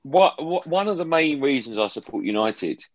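A man's voice: on the high side, moderate pace, dry recording, dull audio. A man, a football broadcaster, chatting as a guest on a remote call from a room at home and telling stories with lots of restarts. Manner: animated storyteller, frequent restarts. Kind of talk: casual chat.

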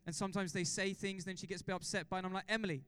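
Male pastor, high clear voice, dry close sound; fired-up preacher who keeps quizzing the room. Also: very fast, dry recording. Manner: excitable, exhorting congregation with repeated questions. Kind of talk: sermon.

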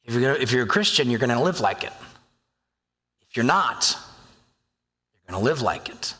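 A man preaching a sermon as a pastor, talking in a conversational, animated way and acting out inner voices. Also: mid-range voice, normal speed. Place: church sanctuary. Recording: long hall reverb.

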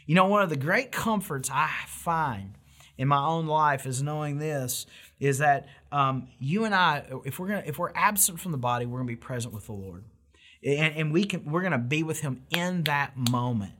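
A man's voice: fairly high pitch, animated, normal speed, a bit bright. A middle-aged man preaching a sermon in an earnest, emphatic way, with rhetorical questions and frequent restarts. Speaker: pastor.

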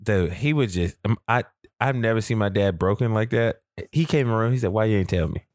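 A man's voice: lowish voice, brisk, no echo, clean studio sound. A man in a casual chat, a laid-back storyteller who swears casually.

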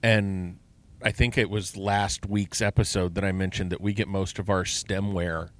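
Low-voiced chatty man co-hosting a podcast. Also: little pitch movement, moderate pace, a bit bright. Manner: chatty, enthusiastic, asks lots of questions. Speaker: podcast co-host. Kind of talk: casual chat.

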